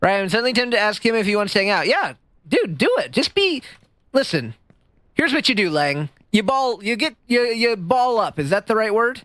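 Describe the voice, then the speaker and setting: Male streamer, casual stream chat: high voice, swooping animated delivery, self-deprecating humor. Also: normal speed, dry recording. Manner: animated, goofy, self-deprecating, chats with viewers. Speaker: livestreamer. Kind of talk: casual live-stream chat while gaming.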